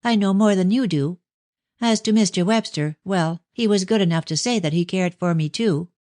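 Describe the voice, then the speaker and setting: A woman's voice: medium pitch, moderate pace, darkish tone, no room sound, studio quality, voice pushed up, close to an everyday voice. A woman voicing a proud, indignant young woman who speaks crossly in a storybook reading. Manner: cross, agitated.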